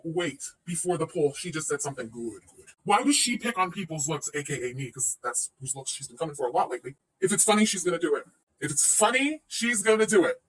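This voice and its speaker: Brief: woman in her thirties, reaction streamer, sarcastic and swearing, animated pitch, mic set back a bit. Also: far from the mic, slight background noise, poor audio. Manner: sarcastic, swearing, laughs often. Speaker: livestream host reacting to another streamer. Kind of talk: casual commentary livestream.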